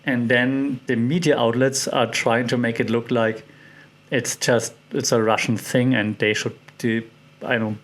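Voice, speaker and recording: A man hosting a solo podcast from Thailand thinks out loud, full of fillers and restarts, curiously putting questions to his listeners. His medium-pitched voice is flat and unhurried.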